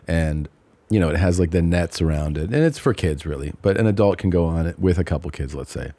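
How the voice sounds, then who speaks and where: A man in his forties co-hosting a podcast, telling a story casually and acting out other people's lines in high, squeaky voices. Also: a little fast, no room sound. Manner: animated, acts out quotes in high voices. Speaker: podcast co-host.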